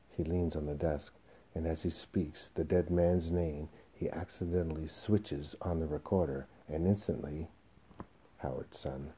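A man quietly reading a play's stage directions in a husky, measured voice. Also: very deep voice, fairly even intonation. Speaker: reader of a play.

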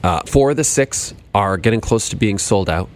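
A man with a fairly low, expressive voice co-hosts a podcast at a normal speed. The chat is casual and comedic, full of jokes, teasing and frequent laughter.

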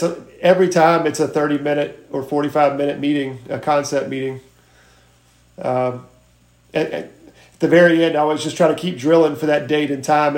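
An earnest man talks through his sales notes on a group video call, with halting restarts. His voice sits a little high for a man. The room around him echoes clearly. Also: darkish tone. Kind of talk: casual group call, sharing tips.

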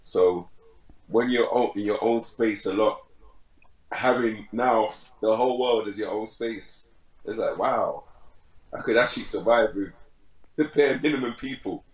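Heard in an echoey room with poor audio quality, a young man with a lowish voice speaks at a moderate pace. As a podcast guest who makes fitness content, he keeps the chat easygoing, full of laughter and repeated "bro"s.

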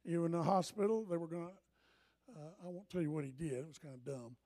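An older man preaching a sermon as pastor, telling stories and swinging from hushed asides to loud urging. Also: a little high, fast.

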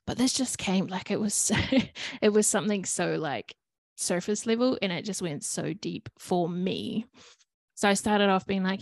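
A woman's voice: medium pitch, moderate pace, no echo. A woman talking candidly in a personal vlog, chatty and frank, with many fillers, sometimes acting out her own inner voice. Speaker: vlogger. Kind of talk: casual personal reflection.

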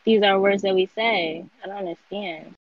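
A young woman in casual group chat, explaining in an earnest, halting way. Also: medium pitch, steady tone, no echo. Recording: dull lo-fi sound.

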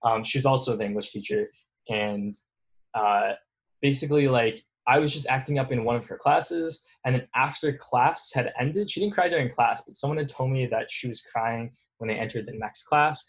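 A man's voice: mid-range voice, moderate pace. Rambling young man, dull recording. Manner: rambling, self-deprecating, laughs often. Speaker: guest. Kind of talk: casual interview chat.

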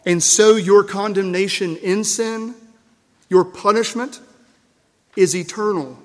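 A man preaching a sermon as pastor, emphatic and measured, repeating key phrases and letting his lines fall away softly. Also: sits high. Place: church. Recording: long reverb of a church hall.

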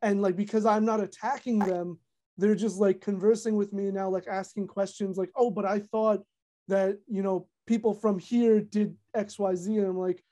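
Young adult woman, content creator guest; chatty, filler-heavy, animated, mellow relaxed timbre. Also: medium pitch, normal speed. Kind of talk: casual podcast chat.

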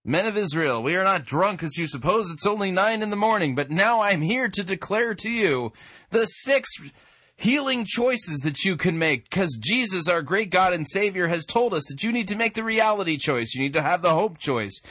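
A man's voice: high-pitched, expressive, normal speed, pushed and bright, no echo, pitched above the performer's own voice, full character voice. Man doing a raised, pompous apostle-preacher parody, dry booth sound. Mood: mock-grand. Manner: pompous, declaiming. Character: mock apostle preaching like a self-help pastor.

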